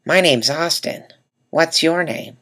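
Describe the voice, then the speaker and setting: A man's voice: a little high, takes it slowly, bright, forceful tone, pitched above the performer's own voice. A man voicing his eager, starstruck younger self as a seventh-grade boy. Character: eager twelve-year-old boy, starstruck.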